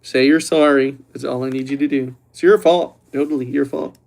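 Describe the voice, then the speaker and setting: A young man hosting a casual livestream, talking to his chat in a loose, joking voice that sits at an ordinary middle pitch. He teases the viewers as he reads their comments and sounds relaxed and a little tipsy from red wine. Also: moderate pace, creaky. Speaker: livestream host.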